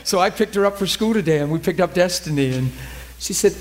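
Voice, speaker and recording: A man's voice: high-pitched, expressive, fast talker, a little hiss or hum. A man preaching a sermon with passion, telling stories and pressing his point.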